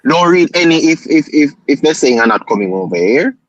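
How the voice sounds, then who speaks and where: A man's voice: on the high side, very animated, a little fast, dry recording. Easygoing man, muffled audio. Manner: easygoing, repeats words, calls others neighbor. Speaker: co-host of live stream. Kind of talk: casual live-stream chat.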